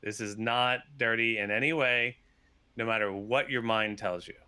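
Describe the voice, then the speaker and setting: A man speaks as a podcast guest over a video call, his voice bright and forward. The sound is dry and close with no room around it. He laughs often and talks in quick, rambling bursts full of restarts. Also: mid-range voice, fairly even intonation, clear, resonant tone, dry recording. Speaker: podcast guest, software developer. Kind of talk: casual video-call chat.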